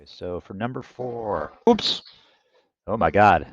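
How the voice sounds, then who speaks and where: A man's voice: fairly low pitch, lively intonation, slow pace, no echo, lo-fi sound. A man hosting his own channel, recommending channels in a casual, rambling way with many fillers and restarts. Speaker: channel host.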